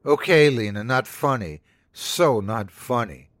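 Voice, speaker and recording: A man's voice: medium pitch, a little slow, fairly bright tone, no echo, natural voice. A man voicing a shaken but mildly sarcastic young woman passenger in a horror story reading. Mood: scared.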